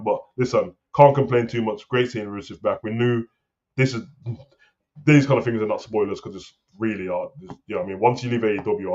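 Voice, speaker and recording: A man co-hosting a wrestling talk show, rambling and animated in casual slang. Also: lowish voice. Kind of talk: casual chat. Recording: slightly dull lo-fi sound.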